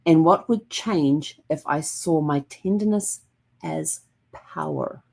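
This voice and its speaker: A woman hosting a reflective vlog, talking in a gentle, calm and rambling way with many fillers. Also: sits low, slow pace. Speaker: host.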